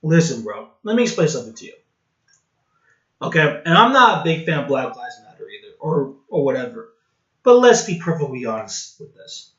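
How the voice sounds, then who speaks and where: A man's voice: fairly high pitch, very animated, moderate pace, fairly bright tone. Scornful man ranting in a roomy space. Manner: mocking, blunt, scornful. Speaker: vlogger. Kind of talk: sarcastic commentary rant. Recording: dull, roomy home recording.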